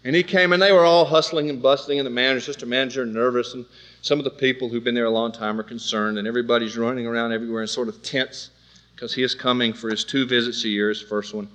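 A man preaching with an animated storytelling manner, acting out other people's voices. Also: mid-range voice, quick pace. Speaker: preacher telling a testimony. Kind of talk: storytelling sermon.

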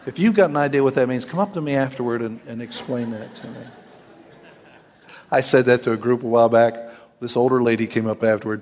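A man's voice: mid-range voice, a little mellow, long reverb tail, a little hiss or hum. A man in his sixties preaching a sermon as pastor, folksy and joking, with homespun asides. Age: 60s.

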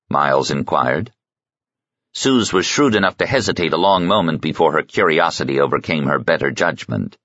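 A man narrating an audiobook in an expressive storytelling manner. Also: low-pitched, moderate pace, no echo. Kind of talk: scripted narration. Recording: slightly muffled sound.

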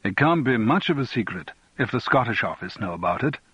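A man playing a relaxed, teasing politician. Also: mid-range voice, a little fast, breathy edge, no echo, lo-fi sound. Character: relaxed, clubbable young Scottish politician.

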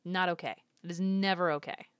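A woman's voice: lowish voice, fairly even intonation, a little fast, clean tone, dry recording, dull audio. A woman giving casual reaction commentary on an anime episode, thinking aloud and guessing what comes next. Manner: chatty, speculative, thinking aloud.

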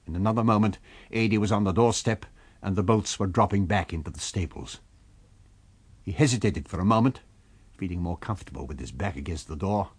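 A man narrating a novel in a measured storytelling manner. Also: low-pitched, slightly rough, dry recording. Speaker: audiobook narrator. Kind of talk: scripted narration.

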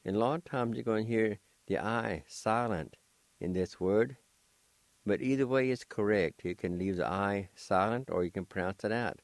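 A man teaching a language lesson on the radio, spelling words out slowly and carefully, letter by letter, in a patient way. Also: lowish voice, no room sound. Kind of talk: slow spelling and pronunciation lesson.

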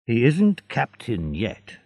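A man voicing a sly, jealous seaman in a storybook reading, often muttering low. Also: wildly swooping pitch, slow, a little mellow, husky, exaggerated voice. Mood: scheming. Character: scheming jealous male seaman.

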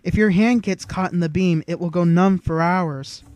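A man's voice: high voice, fairly even intonation, normal speed, darkish tone, no room sound, close to an everyday voice. A man voicing a proud, determined young boy who speaks confidently and earnestly.

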